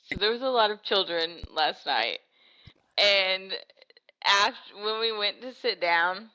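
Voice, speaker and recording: A woman's voice: mid-range voice, animated, unhurried, bright, forceful tone, poor audio. A woman co-hosting a podcast in casual chat, blunt and casually swearing. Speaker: podcast co-host.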